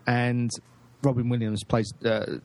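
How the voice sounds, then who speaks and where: A man's voice: mid-range voice, flat delivery, measured pace, darkish tone. A man hosting a podcast in casual chat, rambling and blunt, with frequent swearing. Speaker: podcast host.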